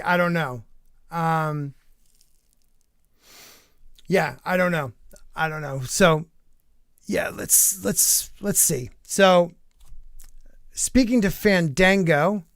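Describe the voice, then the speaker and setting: A man's voice: high voice, clean tone, dry recording, clean studio sound. A man hosting a live podcast, reading entertainment news aloud and rambling through his thoughts with lots of fillers. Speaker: podcast host. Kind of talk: casual live-stream news commentary.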